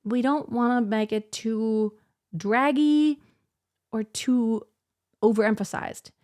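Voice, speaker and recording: A lyric coloratura soprano talks through her practice of an aria, picking apart her own phrasing. Her speaking voice sits a little high for a woman. She critiques herself as she works and slips into short sung demonstrations. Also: steady tone, slow pace, darkish tone, no echo, studio quality. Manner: self-critical, breaks into sung demos. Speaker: singing teacher practicing an aria. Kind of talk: thinking-aloud practice commentary.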